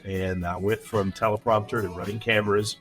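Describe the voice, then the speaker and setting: A man's voice: on the low side, steady tone, a little fast, fairly bright tone, soft background music. A man in his sixties from West Texas, a veteran news anchor telling stories from his career in a casual interview, in neutral broadcaster diction.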